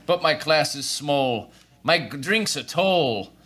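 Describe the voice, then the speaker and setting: A man playing a stern, world-weary master of a mercenary college, speaking in a dry, clipped way to new recruits in a tabletop game. The voice is bright and fairly high. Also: expressive, slow, breathy edge, exaggerated voice. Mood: boastful. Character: busy gruff male college master Nisby.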